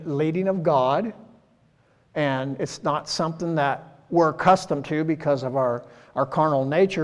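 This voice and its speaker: A man in his sixties delivers a casual, folksy sermon, often tossing in "right?" and "you know". His voice sits a little high for a man. It rings with a long reverb, as in a large church hall. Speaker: preacher. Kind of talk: conversational sermon.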